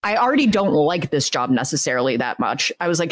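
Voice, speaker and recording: A woman in her thirties, a podcast host, telling a story in lively casual chat and laughing often. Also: sits low, quick pace, hardly any pauses, dry recording.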